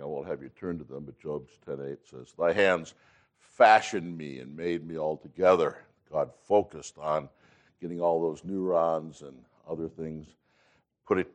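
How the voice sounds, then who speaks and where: In a low-pitched voice, a sixty-something man reads scripture to his Bible class with strong emphasis, his throat-clearing recurring throughout.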